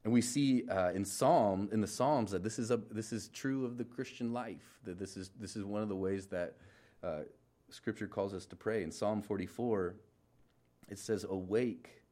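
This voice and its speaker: Casual young male pastor, low-ish voice, informal sermon with lots of fillers and self-corrections. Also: moderate pace, warm tone. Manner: informal, filler-heavy, many restarts and trailing asides.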